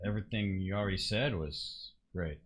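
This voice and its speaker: A young man hosting a casual talk stream, telling rambling anecdotes with halting restarts. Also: low voice. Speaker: host. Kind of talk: casual chat.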